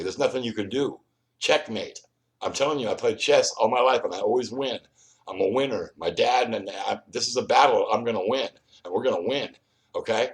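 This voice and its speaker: This solo vlog monologue features a man with a fairly low, slightly fast voice who hosts his own video. He addresses the viewer directly and confrontationally, rambling with frequent repeats and restarts.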